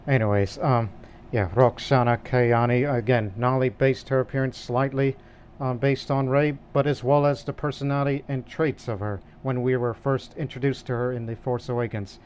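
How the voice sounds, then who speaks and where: A man co-hosting a casual podcast, speaking hesitantly and filling pauses with many ums. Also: mid-range voice, steady tone, darkish tone, a little hiss or hum. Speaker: podcast co-host.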